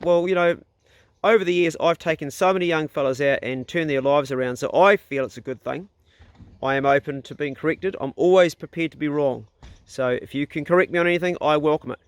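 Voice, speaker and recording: A man's voice: on the high side, dry recording. A middle-aged man with a New Zealand accent talks bluntly to camera in a casual vlog, swearing freely. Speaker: vlogger.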